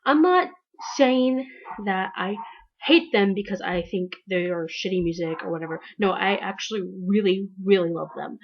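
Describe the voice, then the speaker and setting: A woman's voice: medium pitch, moderate pace, highs cut off. A woman vlogging to camera in a casual, rambling monologue, gushing and acting out her own thoughts.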